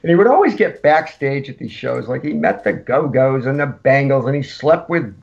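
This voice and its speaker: Brief: male guest, gravelly, rambling animated storyteller, dull lo-fi sound. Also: medium pitch, moderate pace. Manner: rambling, animated anecdotes with acted-out quotes. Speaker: punk musician guest. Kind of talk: casual storytelling. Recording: lo-fi podcast audio.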